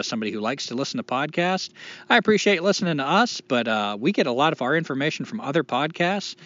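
A man's voice: mid-range voice, fairly bright tone. Male podcast co-host, rambling self-deprecating delivery with casual swearing, dull lo-fi recording.

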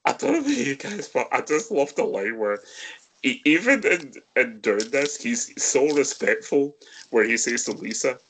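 A man hosting a casual film review chat, often breaking into high giggles. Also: sing-song, normal speed, a bit bright, a little hiss or hum. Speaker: podcast host.

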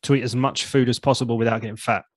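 A man in easy conversation as a podcast guest, a former comedian and vocal coach. He talks loosely, swears without a second thought and often trails off mid-sentence before starting again. The voice sits at an ordinary middle pitch, recorded close and dry with no room sound. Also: rapid-fire, no room sound. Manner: relaxed, swears freely, trails off and restarts. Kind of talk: casual chat.

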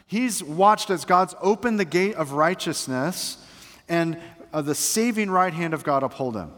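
Middle-aged male preacher, slightly high voice, earnest delivery, church hall with long reverb. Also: expressive, a little slow. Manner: earnest preaching, swings from hushed to emphatic. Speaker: pastor. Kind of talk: sermon. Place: church sanctuary.

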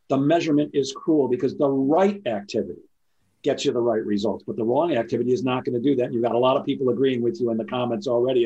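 Husky-voiced interviewer on dull audio. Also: male voice, medium pitch. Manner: halting, restarts, warm praise. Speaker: interviewer, sales coach. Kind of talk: conversational interview.

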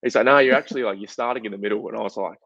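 A young Australian man, a guest footballer, telling a story in a chatty, animated way full of fillers. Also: fairly low pitch, rapid-fire, vocal fry, no echo. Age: young adult. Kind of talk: casual interview storytelling. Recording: dull, dry lo-fi podcast audio.

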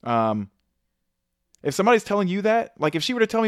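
A man's voice: high voice, fast, no room sound, studio quality. A man co-hosting a podcast, telling a story with lots of swearing. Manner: animated storytelling, swears a lot. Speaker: podcast co-host. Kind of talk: casual chat.

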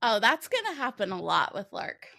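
A woman's voice: a little high, wildly swooping pitch, normal speed, creaky, pushed and bright. A woman with a light Southern American accent co-hosting a podcast, chatting casually, teasing and laughing often. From United States. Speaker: podcast co-host.

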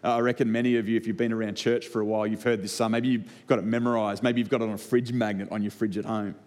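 A man's voice: on the low side, little pitch movement, fast talker, a little mellow. A man with an Australian accent preaching a sermon to a congregation, telling personal stories and building points through repeated rhetorical lines. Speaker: pastor. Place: church hall before a congregation.

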